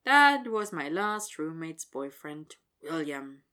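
A man's voice: sits high, moderate pace, pushed and bright. A woman reading a weary young guy, dry.

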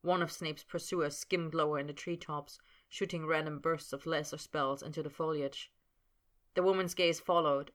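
Low-voiced woman reading a story. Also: bright, forceful tone. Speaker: narrator. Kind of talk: scripted audiobook narration of fan fiction.

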